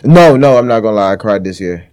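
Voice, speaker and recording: Lively-voiced man, blunt and argumentative. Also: on the low side, fast talker, clear, resonant tone. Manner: blunt, argumentative, swears casually. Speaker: podcast co-host. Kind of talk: casual chat.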